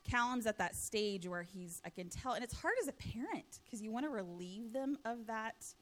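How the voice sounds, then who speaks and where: A woman's voice: a little high, moderate pace, a bit bright. An American woman in her thirties giving an earnest, heartfelt testimony to a church congregation. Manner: earnest, heartfelt storytelling with light laughs.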